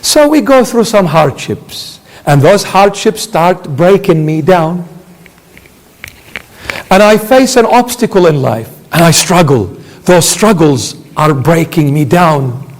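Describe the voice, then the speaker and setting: A man's voice: on the high side, expressive, slow, long reverb tail. A man preaching a sermon as a bishop, emphatic, asking rhetorical questions and answering them himself.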